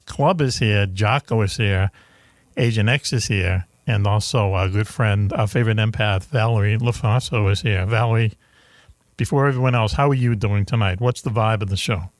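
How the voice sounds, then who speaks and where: A man hosting a radio talk show, chatting casually with his panel in a joking, laid-back way full of fillers and quick laughs. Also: fairly low pitch, no echo.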